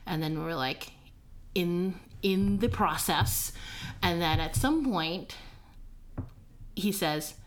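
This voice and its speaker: A young adult woman telling a personal story in a casual podcast chat, halting with fillers and laughing often. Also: on the low side, a little hiss or hum. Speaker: guest storyteller. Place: Chicago-based.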